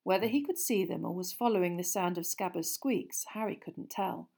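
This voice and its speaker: A woman reading an audiobook chapter in a hushed, suspenseful storytelling manner. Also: on the low side, moderate pace, gravelly. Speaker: audiobook narrator. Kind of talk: scripted narration.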